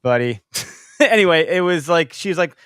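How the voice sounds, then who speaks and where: A man hosting a podcast, chatting and telling stories in an animated, casual way. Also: a little high, normal speed, clean tone, dry recording, clean studio sound. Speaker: podcast host.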